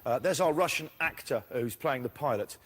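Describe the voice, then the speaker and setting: A man's voice: medium pitch, expressive, normal speed, a little hiss or hum. A man with a British accent presenting a TV show in an upbeat, wry way. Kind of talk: scripted TV presenting.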